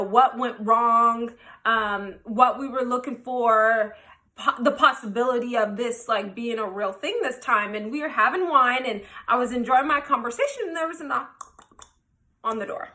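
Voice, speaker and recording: High, bright-voiced woman vlogger. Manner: animated, candid, swears and laughs freely. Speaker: vlogger telling a story. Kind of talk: casual storytime.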